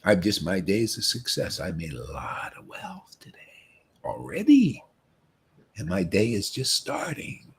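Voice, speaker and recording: Male spiritual teacher, husky, lively swoops in pitch, rambling storyteller. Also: a little slow. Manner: rambling, animated storytelling that mocks other devotees. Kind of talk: informal spiritual talk.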